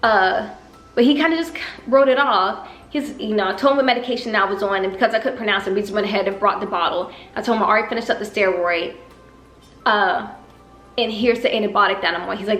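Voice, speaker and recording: A young woman with a slight Southern country accent tells a personal story in a vlog, acting out the people in it with lively put-on voices. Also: medium pitch, fast talker. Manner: animated, acts out dialogue with exaggerated voices. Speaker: vlogger. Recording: echoey room with faint music.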